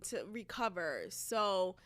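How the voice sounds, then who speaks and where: A woman's voice: mid-range voice, big pitch swings, slow pace, fairly bright tone. A young woman from Boston, hosting a solo podcast in a casual, chatty monologue full of asides and fillers. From Boston, USA. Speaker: podcast host.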